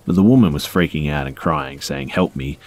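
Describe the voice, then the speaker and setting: A man calmly reading first-person scary stories aloud, in a measured storytelling manner. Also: extremely low pitch. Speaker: story narrator.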